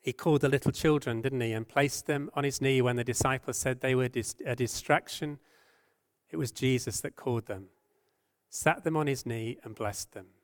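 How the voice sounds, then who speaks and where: A man with a medium-pitched voice preaches a sermon in an earnest, gentle way, posing rhetorical questions. Whenever he quotes scripture, his voice drops softer and he slows down.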